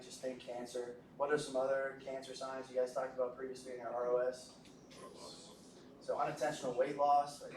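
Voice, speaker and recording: A male instructor lectures a class in a relaxed, joking way and keeps asking his students questions. He sounds set back from the mic in an echoey room. A faint hiss runs under his voice. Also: mid-range voice, moderate pace, recorded from a distance. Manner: jokey, conversational, asks the class questions. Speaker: medical lecturer.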